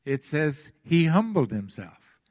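A pastor preaching a sermon, emphatic and deliberate, repeating his phrases for weight. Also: fairly high pitch, very animated, a little mellow.

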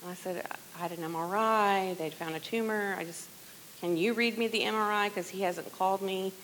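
A middle-aged woman sharing a personal testimony in church, earnest and conversational, often dropping to a hushed voice. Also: medium pitch, a little fast, slight background noise, low-quality recording. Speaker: worship leader sharing testimony.

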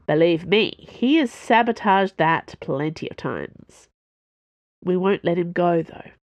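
A woman voicing a wry, knowing woman crewmate who speaks in a relaxed, sighing way. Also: on the low side, takes it slowly, no room sound. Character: warm, wry woman crewmate, protective friend.

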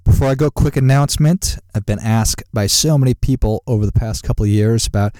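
A man podcast host reading a brisk promotional announcement. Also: medium pitch, warm tone, no echo. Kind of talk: read announcement. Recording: dry close-mic studio sound.

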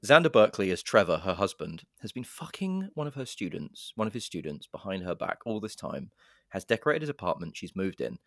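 A man's voice: low voice, fairly quick, dry recording, studio quality. A man co-hosting a podcast, retelling a horror film plot in casual chat, swearing and acting out the lines with relish. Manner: animated storyteller, swearing, puts on dramatic voices for quotes. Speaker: podcast co-host.

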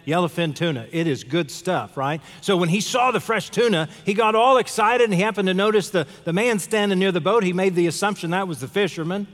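A man's voice: sits high, brisk, hardly any pauses. A male pastor giving a conversational sermon in a church, asking the congregation questions. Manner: conversational, asks the audience questions. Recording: long hall reverb.

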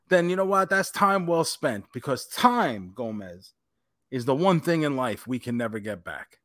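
A man's voice: medium pitch, sing-song, normal speed, fairly bright tone, no room sound, studio quality. A man co-hosting a podcast in casual chat, easygoing and reflective, swearing casually. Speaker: podcast co-host.

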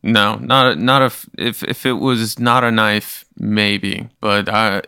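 Gravelly, stammering young man. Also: fairly low pitch, steady tone, bright, forceful tone, dry recording, studio quality. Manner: halting, stammers and restarts. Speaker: podcast guest, comedian. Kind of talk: casual improvised chat.

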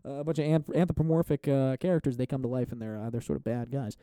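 A man's voice: medium pitch, steady tone, quick pace, mellow, dry recording, studio quality. A man hosting a solo comedy podcast, rambling through profane, goofy, self-mocking jokes into a podcast microphone. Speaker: podcast host. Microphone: studio podcast microphone.

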